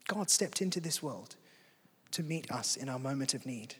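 A man's voice: mid-range voice, animated, normal speed, a bit bright, husky. A man preaching a sermon in a conversational, earnest way. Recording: long hall reverb.

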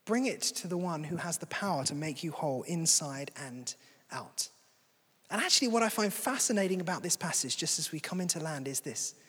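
Husky high-voiced preacher. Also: male voice, animated, brisk, a bit bright. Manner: conversational and earnest. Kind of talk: sermon. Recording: long hall reverb.

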